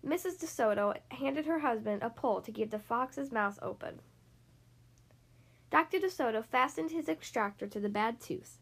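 A woman reading a children's picture book aloud, slowly and expressively. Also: fairly high pitch, expressive, vocal fry, fairly bright tone, slightly rough. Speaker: reader.

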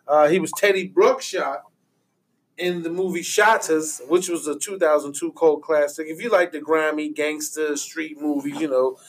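A man's voice: a little high, steady tone, normal speed, a little hiss or hum. A man co-hosting a loose, profane casual chat, often steering it back to the topic. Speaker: podcast co-host.

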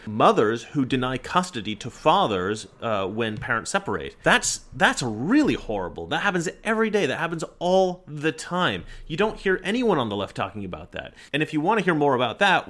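Emphatic man with a lively pitch. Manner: argumentative and emphatic. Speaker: political commentator. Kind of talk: opinionated monologue.

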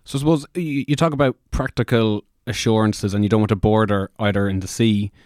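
A man's voice: fairly low pitch, steady tone, brisk, darkish tone, no echo, clean studio sound. A man co-hosting a podcast, speaking in a thoughtful way with frequent restarts. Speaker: co-host.

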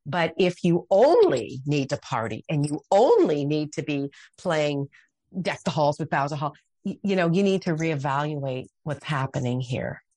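A woman's voice: low-pitched, animated, a little slow, a little mellow, dry recording. A middle-aged woman talking as a podcast guest, earnest and heartfelt, often restarting her sentences. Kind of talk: conversational interview.

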